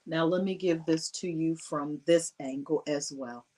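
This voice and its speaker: A woman's voice: sits low, a little slow, a little mellow, recorded from a distance. A woman speaking on a conference panel, giving earnest and emotional personal testimony and often laughing.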